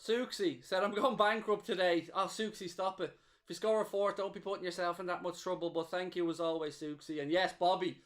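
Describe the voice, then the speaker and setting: High-voiced excitable male fan host. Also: brisk. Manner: excitable, cheering and gloating, reading chat aloud. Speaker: watchalong host. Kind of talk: live match watchalong commentary.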